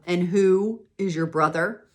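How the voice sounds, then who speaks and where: A reader doing a bored, dismissive police chief. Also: male voice, high voice, voice pushed up. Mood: weary, dismissive. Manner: slow, drawling, offhand. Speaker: police captain.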